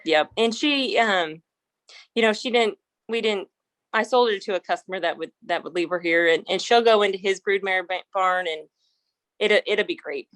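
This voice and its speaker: A woman in her thirties, a horse trainer, chats her way through a family story, doubling back on her words and breaking into laughs. Her voice sits at an ordinary middle pitch and sounds close and dry, with no room around it. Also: moderate pace, a bit bright, dry recording. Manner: rambling, frequent restarts, laughs while telling stories. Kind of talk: casual storytelling interview.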